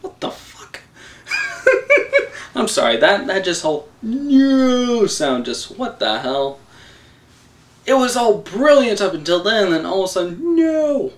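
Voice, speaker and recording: A young man giving a casual, excitable, rambling film review, swearing and laughing as he goes. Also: sits high, unhurried, long pauses. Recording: voice a bit distant from the mic.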